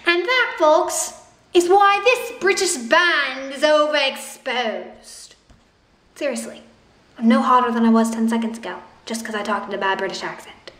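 A woman's voice: sits high, normal speed, fairly bright tone. A young woman ranting sarcastically and indignantly in a vlog. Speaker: vlogger. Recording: echoey room.

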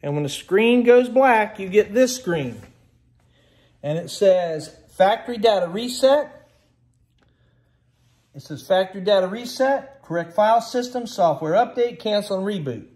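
A man's voice: high-pitched, expressive, moderate pace, darkish tone. A man filming a casual, folksy how-to walkthrough by his kitchen refrigerator on a handheld phone, chatting and grumbling as he goes. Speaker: home how-to vlogger. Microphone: handheld phone camera. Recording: echoey room.

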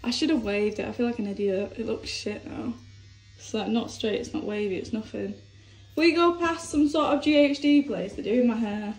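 A woman's voice: fairly high pitch, normal speed, darkish tone, breathy edge. A young woman from England vlogging casually as she goes around the city, chatty, swearing freely and laughing often. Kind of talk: casual vlog chat. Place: out and about in a city, in bars and a hotel room. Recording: music and crowd chatter behind.

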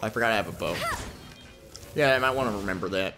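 A man's voice: lowish voice, quick pace, over music. A man giving casual, joking commentary while playing a story game, reacting and laughing along.

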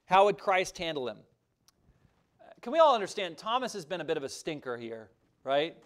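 Animated, high-voiced male pastor preaching. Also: normal speed. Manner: emphatic, conversational preaching with frequent asides. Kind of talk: sermon.

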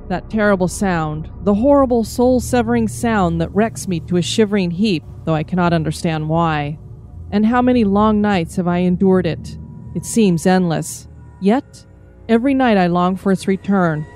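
A woman's voice: lowish voice, darkish tone. A woman hosting a podcast, announcing contest results and reading a story aloud. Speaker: podcast host.

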